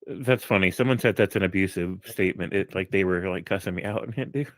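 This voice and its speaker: A man's voice: brisk, no echo. A man on a live discussion call telling a funny anecdote, laughing often and lifting his voice for quotes. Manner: animated storyteller, laughs often, breaks into higher quoted voices. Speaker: guest on a live discussion stream.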